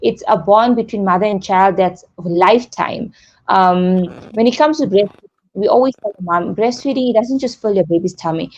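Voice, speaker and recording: A woman's voice: mid-range voice, normal speed, a little mellow. Earnest woman on a dull, lo-fi line. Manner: explanatory and earnest, uses simple examples. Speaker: breastfeeding support leader and guest. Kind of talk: radio interview.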